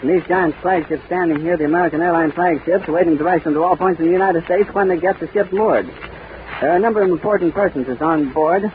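A man giving a live on-scene radio commentary outdoors at an airfield, describing events in a running flow with fillers and restarts. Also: a little high. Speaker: radio reporter. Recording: tinny, noisy 1930s radio recording.

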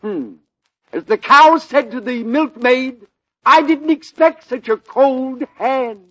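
A pompous, punning stage comedian in 1940s radio comedy, drawling slowly in a very high, bright voice. He sounds pleased with every stale joke. The old broadcast is dull and carries a faint hiss. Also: expressive, dry recording, exaggerated voice. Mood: smug. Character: pompous corny male stage comedian who tells stale puns.

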